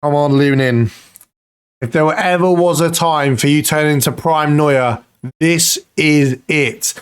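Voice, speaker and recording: A man commentating his own football management game, excitable and pleading at the screen, swearing now and then. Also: a little high, measured pace, clear, resonant tone. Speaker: gaming YouTuber.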